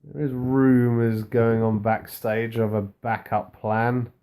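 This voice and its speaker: A man's voice: mid-range voice, little pitch movement, slow, dark tone, clean tone. A man co-hosting a casual wrestling recap, laid-back and dry, rambling through the show's events. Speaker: podcast co-host.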